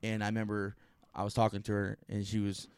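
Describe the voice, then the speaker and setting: A man's voice: fairly low pitch, completely flat delivery, quick pace, smooth, dry recording. A man hosting a casual podcast chat, telling rambling stories and laughing often. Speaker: podcast host.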